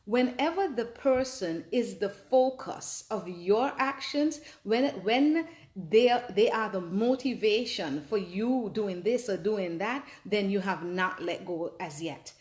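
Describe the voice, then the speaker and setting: A woman's voice: mid-range voice, animated, slow, a little mellow, echoey room. A woman hosting a personal advice talk, telling her own story earnestly and with animation. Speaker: host.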